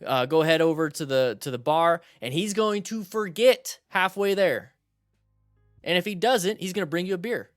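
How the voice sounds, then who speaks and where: A young man hosting a motorcycle channel, commenting on riding videos in a casual, animated way and giving blunt advice. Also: sits high, moderate pace, no room sound, clean studio sound, soft background music.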